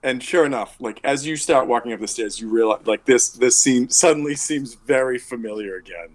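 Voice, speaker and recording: A man's voice: mid-range voice, brisk. A man narrating as game master of a tabletop game, rambling with many filler words.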